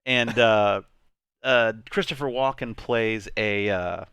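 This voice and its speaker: A man's voice: on the low side, takes it slowly, a bit bright, clear, resonant tone, no echo, studio quality. A man hosting a casual game stream, playful and rambling, laughing often between his words. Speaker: streamer host.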